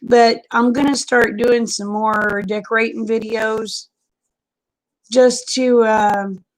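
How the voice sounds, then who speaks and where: A woman's voice: on the high side, flat delivery, takes it slowly, rough recording. A woman chatting casually on a live stream, folksy and drawling, greeting viewers by name.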